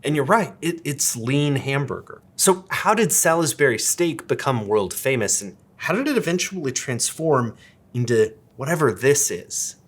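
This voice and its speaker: A man's voice: mid-range voice, animated, moderate pace, husky. A man hosting a casual explainer video, chatting wryly with amused asides while demonstrating a kitchen gadget. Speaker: video essay host. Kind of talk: casual explainer with cooking demo.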